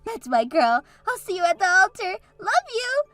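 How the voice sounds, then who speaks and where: A woman's voice: very high voice, sing-song, moderate pace, a bit bright, dry recording, exaggerated voice. A woman voicing Katie, a bubbly and encouraging sister and maid of honor, in a scripted story drama. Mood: cheerful.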